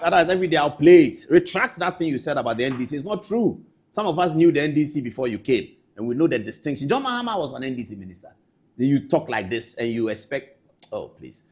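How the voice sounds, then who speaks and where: A Ghanaian man hosting a TV political talk show, speaking in a slightly husky voice. He talks quickly, with a pitch that swings widely as he scolds and mocks. His delivery is emphatic and animated.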